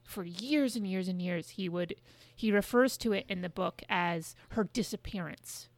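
A woman co-hosting a podcast chats casually and loosely, swearing frequently and using lots of hedging filler words. Her voice is on the low side and creaky, at a measured pace, with no room sound.

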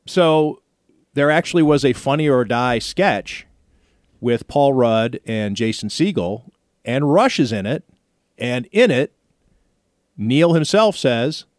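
A male radio host spins a story with chatty, mock-outraged energy. His voice sits at a middle pitch and comes through dry, close to the mic. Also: animated, slow, long pauses, no room sound. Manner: chatty storyteller, playfully indignant. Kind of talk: casual studio banter.

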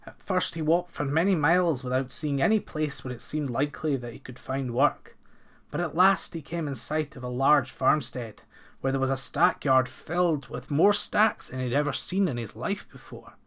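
A man narrating an old folk tale in a steady, expressive storybook reading. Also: on the high side, moderate pace.

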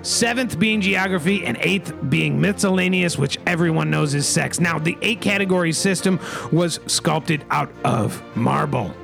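A man co-hosting a comedy radio show, presenting in a mock-solemn, deadpan way with rhyming catchphrases. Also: a little high, moderate pace, vocal fry, over music.

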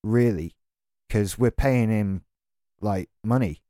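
A man's voice: fairly low pitch, slow, mellow, no echo, clean studio sound. A man delivering an exasperated, sarcastic, sweary rant as a tech vlogger. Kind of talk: ranting monologue to camera.

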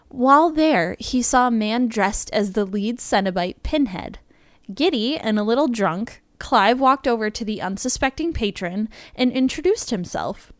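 A woman's voice: medium pitch, no echo. A woman co-hosting a podcast, reading a prepared script and breaking off now and then with laughing asides. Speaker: podcast co-host.

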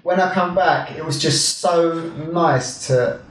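A man's voice: a little high, slow, far from the mic. A man from Kent with a southeast English accent, telling casual anecdotes with plenty of swearing and laughs. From Kent, England. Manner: swearing, laughing, animated anecdotes with acted-out quotes. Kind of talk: casual chat, storytelling. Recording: echoey room, faint noise.

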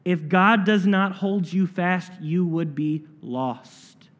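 A man preaching a sermon as pastor, earnest, slowing down to stress key phrases. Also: high voice. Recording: long hall reverb.

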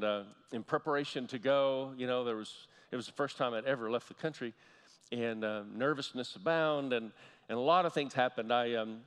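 A man's voice: mid-range voice, clear, resonant tone. Male pastor preaching in a reverberant hall. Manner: storytelling, repeats key phrases slowly for emphasis. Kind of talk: sermon.

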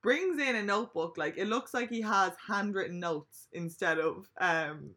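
A young woman, a podcast co-host telling a story in casual, animated chat and swearing freely. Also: medium pitch, moderate pace.

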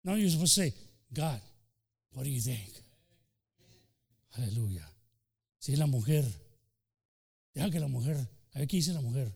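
A man preaching a sermon as pastor, swinging between loud declarations and hushed lines, and acting out quoted voices. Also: medium pitch, expressive, normal speed, gravelly, pauses often, slightly rough. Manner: fervent preaching with sudden shifts from loud to soft; acts out quoted voices, including the devil. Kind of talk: bilingual sermon.

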